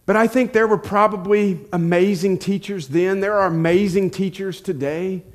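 A man's voice: high-pitched, steady tone, normal speed. Casual-sounding man preaching. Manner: conversational, humorous storytelling. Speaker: pastor. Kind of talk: sermon.

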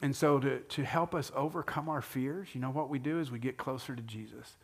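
A man who is a pastor, talking earnestly in a conversational, sermon-like way and slowing down to stress key phrases. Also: medium pitch, husky. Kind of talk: conversational sermon-style talk.

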